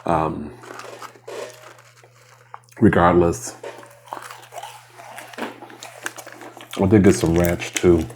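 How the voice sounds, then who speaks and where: A man with a very low voice chats casually at home while eating on camera. He rambles and sounds mildly aggrieved, pausing between bites, with a faint hiss of noise under him. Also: a little mellow. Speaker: mukbang vlogger.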